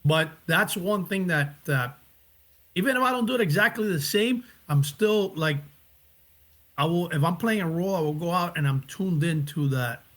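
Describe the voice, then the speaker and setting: A man being interviewed about his acting work, talking in a reflective, casual way and often pausing to find his words. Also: fairly high pitch, fairly bright tone. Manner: reflective, searching for words, restarts. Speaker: actor and director, guest.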